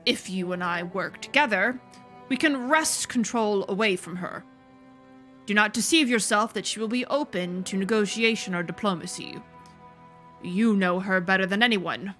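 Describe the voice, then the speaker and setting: A woman reading a scheming, persuasive nobleman's lines in a measured, deliberate way, in a slightly lowered voice. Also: a bit bright, soft background music, close to an everyday voice.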